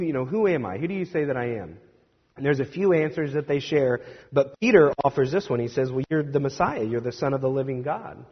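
A man preaching a conversational sermon, animated and acting out the voices of the people he quotes. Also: mid-range voice, husky. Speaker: pastor. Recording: dull roomy recording with long reverb.

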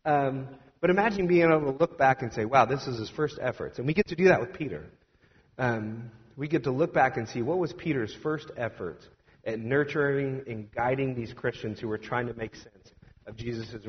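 A young adult man preaching a storytelling sermon as a pastor, conversational and animated, with plenty of fillers. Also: mid-range voice. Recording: dull sound with long hall reverb.

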